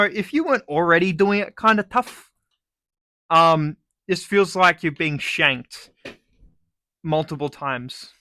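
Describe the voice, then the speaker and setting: A man's voice: high voice, sharp tone, no echo, clean studio sound. A young man with an Australian accent delivering a sarcastic, sweary comedic rant. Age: young adult. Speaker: vlogger.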